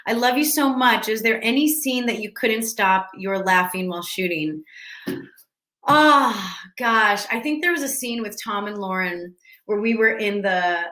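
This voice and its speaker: Bright, chatty woman in an echoey room. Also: medium pitch, measured pace. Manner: rambling, chatty, restarts sentences often. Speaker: actress answering fan questions. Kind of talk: casual virtual Q&A. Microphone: video call.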